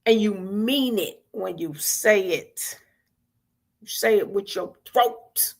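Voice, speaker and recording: A woman with a gravelly, fry-edged voice leads a spiritual vigil in a loose, conversational way. She circles back to the same phrases and keeps urging her listeners to join in. Her speech stays colloquial and earnest. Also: medium pitch, slow. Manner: conversational and coaxing, repeats phrases, calls on listeners. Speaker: spiritual host leading a weekly vigil. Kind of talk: informal spiritual teaching on a live stream.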